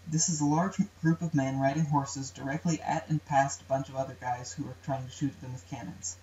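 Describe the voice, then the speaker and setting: A man's voice: mid-range voice, little pitch movement, a little fast, a little mellow. A young man, a student presenter, narrates an educational video in a plain explanatory way, sometimes chanting rhythms aloud. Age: young adult. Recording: roomy, distant, dull amateur recording with faint hiss.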